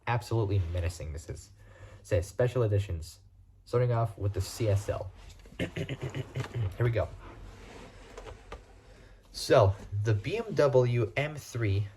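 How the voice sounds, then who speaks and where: A man's voice: mid-range voice, animated, measured pace, long pauses, warm tone, breathy edge. A man reading car facts aloud for a casual video, stumbling and restarting often and spelling out words he can't pronounce.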